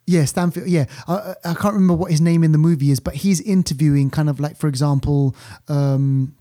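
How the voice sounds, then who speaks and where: Podcast co-host, man, mellow tone, rambling casual review talk. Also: fairly high pitch, fairly quick, no room sound, clean studio sound. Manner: rambling, full of fillers and restarts. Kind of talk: casual film review chat.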